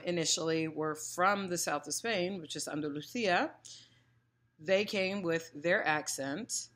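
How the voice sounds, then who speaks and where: Woman language teacher, lower voice, casual, playful, opinionated, acts out sounds as she explains. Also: fairly bright tone. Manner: chatty, playful, opinionated, demonstrates sounds aloud. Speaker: Spanish teacher.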